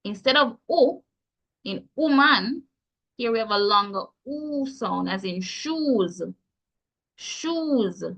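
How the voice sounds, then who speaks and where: Teaching pronunciation in an online class, a Jamaican-accented woman spells out each sound with care and keeps her tone encouraging. Her fairly high voice is animated and sharp, moving a little slowly. The recording is dull, lo-fi call audio.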